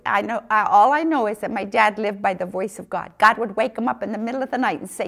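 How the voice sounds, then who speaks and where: A middle-aged woman telling a personal missionary story, acting out the dialogue with big jumps in pitch. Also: brisk, gravelly, fairly bright tone.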